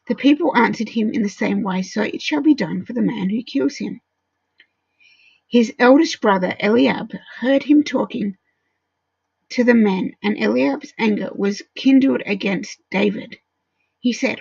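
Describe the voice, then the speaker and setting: A woman teaching a Bible study in a casual way, walking through verses and explaining them with frequent pauses and ums. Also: a little high, gravelly, a little mellow, breathy edge, dry recording, highs cut off.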